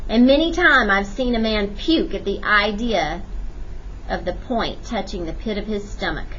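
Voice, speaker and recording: A woman's voice: mid-range voice, normal speed, a bit bright, a little hiss or hum, lightly acted. A woman playing a haunted frontier colonel. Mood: boastful. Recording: dull lo-fi recording.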